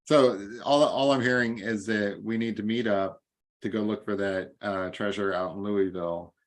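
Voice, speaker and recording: Male guest, low voice, a bit tipsy; relaxed, rambling talker. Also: moderate pace. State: tipsy from drinking. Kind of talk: casual chat.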